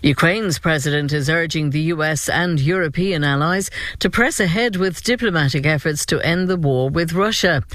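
An Irish man reading the radio news in a brisk, measured way. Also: fairly high pitch, fairly bright tone, dry recording. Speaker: newsreader.

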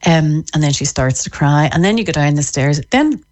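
A woman, a parenting author explaining her ideas in an interview in a lively way. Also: sits low, normal speed. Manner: lively, acts out parents' voices in quotes. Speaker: parenting author and expert guest.

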